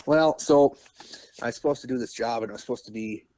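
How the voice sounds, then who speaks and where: A man calling in by phone from a job site, plain-spoken and hurried as he talks about his workday. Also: mid-range voice, a little mellow, slight background noise. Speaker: caller, heating tradesman. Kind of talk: casual phone chat.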